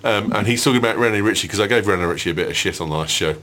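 A man's voice: fairly low pitch, very fast, fairly bright tone. A man hosting a casual tech podcast, bantering cheekily and laughing often. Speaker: podcast host.

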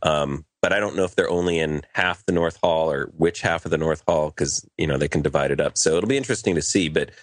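A man's voice: rumbling low, fast talker, hardly any pauses, dry recording. A man on a podcast panel, easygoing and explaining things as he thinks aloud. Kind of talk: casual panel chat.

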